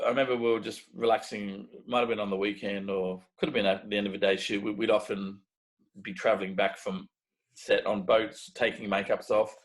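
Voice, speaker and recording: A man's voice: fairly low pitch, low-quality recording. A middle-aged Australian man being interviewed, telling stories casually and animatedly, often restarting and acting out what others said. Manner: animated, restarts often, acts out quoted dialogue. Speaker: guest, make-up effects artist.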